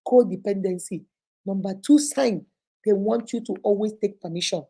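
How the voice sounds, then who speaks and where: A woman's voice: mid-range voice, moderate pace, mellow, slightly rough. A woman hosting a live motivational talk, speaking emphatically and repeating her points. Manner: emphatic, preachy, repetitive. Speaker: host.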